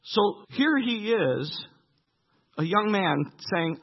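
Brief: male pastor, high husky voice, reads a passage then comments, dull recording in a reverberant hall. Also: lively intonation, very slow. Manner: reads scripture aloud and breaks off to comment. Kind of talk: sermon.

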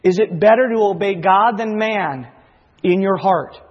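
A man's voice: high-pitched, a little slow, husky, in a large hall, dull audio. A male pastor preaching a sermon in a church, earnest and confessional, often acting out inner voices. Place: church sanctuary.

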